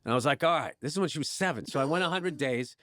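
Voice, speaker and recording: A man guest in a casual podcast chat, telling stories with lively restarts and laughs, turning soft and low when reflective. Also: racing, no room sound, clean studio sound. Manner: animated storyteller, frequent restarts and laughs.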